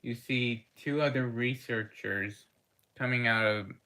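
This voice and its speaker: A woman running a tabletop game as game master, narrating the party's dice rolls and actions in a halting way with frequent pauses. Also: extremely low pitch, pushed and bright.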